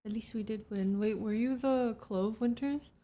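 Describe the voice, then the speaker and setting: A woman's voice: fairly high pitch, normal speed, warm tone. A woman in her twenties, a streamer, chatting casually and teasing a friend over voice chat. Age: 20s.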